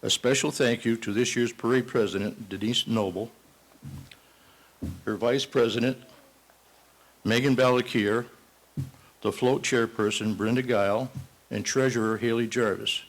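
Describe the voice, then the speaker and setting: An older man from Massachusetts delivers a parade marshal's speech in a banquet hall. He talks in a folksy, self-deprecating way with chuckling asides, his voice sitting at an ordinary middle pitch. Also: fairly even intonation, measured pace, long pauses. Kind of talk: ceremonial speech with a told joke.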